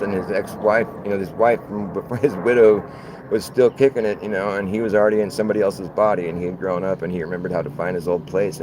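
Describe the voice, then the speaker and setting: A man's voice: deep voice, background noise. A man talking in a loose, rambling monologue, laughing often and swearing casually as he goes. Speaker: channel host.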